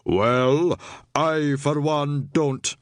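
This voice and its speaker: A man's voice: on the high side, very slow, no room sound. A man playing a pompous, indignant orator. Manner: orator's voice, haughty.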